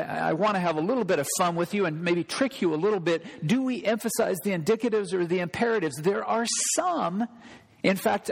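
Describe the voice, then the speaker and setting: Gravelly-voiced man preaching a sermon. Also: sits high, big-room sound. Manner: earnest preaching with emphatic repetitions. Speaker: pastor. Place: church sanctuary.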